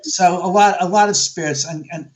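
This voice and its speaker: A man's voice: high voice, fairly even intonation, normal speed. A man being interviewed as a guest, talking bluntly with plenty of swearing and acting out quotes as he tells his stories. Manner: blunt, profane, storytelling with acted quotes. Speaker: guest, haunted house owner. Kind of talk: animated interview talk.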